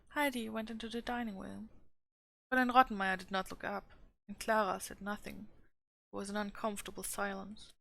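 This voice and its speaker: A woman streamer reading a classic novel aloud with calm, steady narration. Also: medium pitch, brisk, gravelly. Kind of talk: storybook read-aloud.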